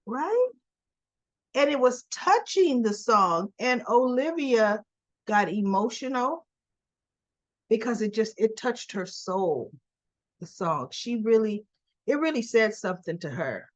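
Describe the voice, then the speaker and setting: A woman's voice: fairly high pitch, sing-song, slow, pauses often, no echo, dull audio. A woman hosting a soap opera recap, casually retelling scenes and acting out the characters' quotes.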